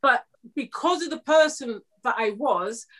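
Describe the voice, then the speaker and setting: A woman's voice: sits high, a little slow, fairly bright tone. A woman, an actress guest on a podcast, speaking candidly and reflectively. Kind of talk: podcast conversation.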